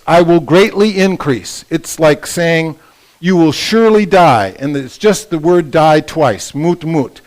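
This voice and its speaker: An older man teaching a Bible session at a couples retreat, lively and often checking in with the audience. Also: fairly high pitch, rough recording. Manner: lively, asks the audience for agreement. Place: conference room at a resort.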